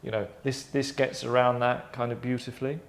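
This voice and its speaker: A man runs his own show and chats through a game idea he invented, wandering into tangents and fixing his own words as he goes. He talks a little fast in a flat, mid-range voice, and the recording has an echoey room sound.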